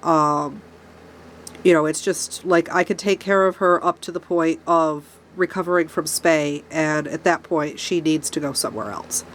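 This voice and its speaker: A woman's voice: low voice, fairly even intonation, moderate pace, a little hiss or hum. A woman with a stuffy nose from a cold, ranting angrily to camera about a problem while her pets are close by. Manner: angry ranting, speaks of her own angry tone. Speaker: rabbit keeper vlogger. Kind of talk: casual talk to camera. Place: rabbit barn with pets nearby.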